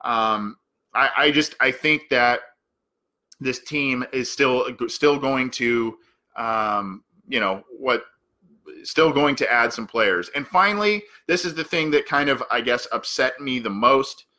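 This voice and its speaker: A man's voice: medium pitch, takes it slowly, pushed and bright. A man hosting a sports podcast, giving solo analysis of a football game, thinking aloud with many fillers and restarts.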